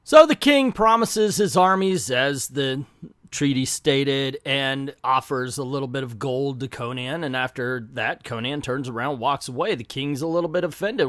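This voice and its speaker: A man's voice: medium pitch, moderate pace, a bit bright, no room sound. A man casually recapping a comic book, joking and slangy as he acts out the quotes. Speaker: comic book video host.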